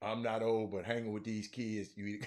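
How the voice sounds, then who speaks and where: A middle-aged man hosting a sports talk show, chatting casually and teasing viewers in the comments with loud, animated outbursts. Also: fairly low pitch, normal speed. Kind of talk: casual live-stream chat reading the comments.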